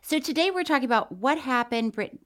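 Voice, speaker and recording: This podcast co-host has a brisk voice that sits high. She tells animated stories in casual chat and laughs often.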